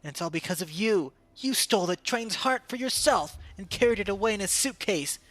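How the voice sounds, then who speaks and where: A shrill young village boy throws accusations with total childish certainty, as a man puts him on. The voice sits high and sharp, with a lively, bouncing lilt. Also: a little fast, no echo. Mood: accusing.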